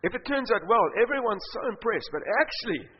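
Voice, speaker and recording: A man from Africa preaches with a high, ringing voice, and his story swings from loud bursts to hushed asides. The sound is a little muffled, and a long hall reverb trails each phrase under faint background hiss. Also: sing-song, brisk, husky. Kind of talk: sermon with storytelling.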